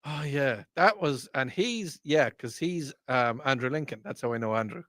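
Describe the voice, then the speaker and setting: A man's voice: medium pitch, animated, moderate pace, fairly bright tone, no echo, studio quality. A man in his forties co-hosting a podcast, joking around and rambling while he gropes for names. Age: 40s. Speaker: podcast co-host. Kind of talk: casual pop-culture chat. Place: studio.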